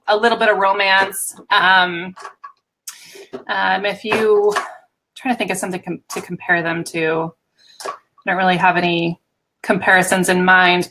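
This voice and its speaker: A woman from the United States chats as a guest on a casual livestream. Her voice is bright and mid-pitched, and she talks in a relaxed, hesitant way with plenty of ums. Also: a little hiss or hum, low-quality recording. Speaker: guest, photographer and writer. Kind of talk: casual live chat.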